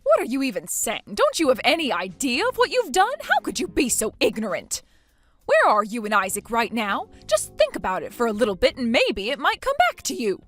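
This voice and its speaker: A woman's voice: a little high, huge pitch swings, fairly quick, a bit bright, soft background music, heavily acted. A synthetic female voice playing an indignant friend who scolds with pointed questions. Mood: accusing. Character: indignant woman friend, accusing and shrill.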